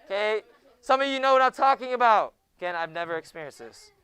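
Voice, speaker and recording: A young man teaching a junior high Bible class in a classroom, joking with the students and often hushing them. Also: animated, fast talker, clean tone. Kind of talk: classroom lecture.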